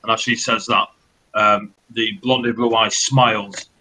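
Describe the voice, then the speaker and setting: Bright-voiced man running a tabletop game. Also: fairly low pitch, flat delivery, unhurried, slight background noise, low-quality recording. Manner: loose, swearing storyteller with many fillers. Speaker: dungeon master.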